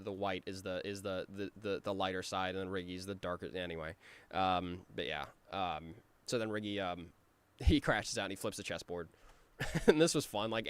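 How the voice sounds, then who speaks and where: A man giving casual creator commentary on his own cartoon, rambling with many ums and restarts, and now and then acting out his characters' lines in quick voices. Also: low voice, a bit bright, clean tone.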